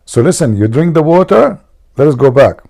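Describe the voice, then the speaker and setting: A man's voice: on the high side, big pitch swings, moderate pace, vocal fry, mellow. A man from the Middle East, a native Arabic speaker, hosting a casual livestream in a joking, mocking storytelling manner. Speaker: livestream host.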